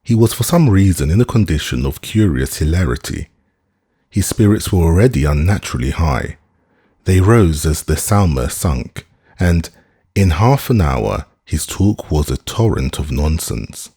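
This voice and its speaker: Audiobook narrator, male, very deep and slightly husky voice, measured and expressive delivery. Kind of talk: scripted narration.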